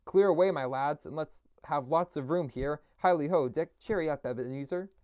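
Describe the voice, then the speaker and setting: A man voicing a jovial, fat old male merchant who calls out in loud, hearty bursts. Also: a little high, moderate pace, no echo, studio quality, pitched above the performer's own voice, lightly acted.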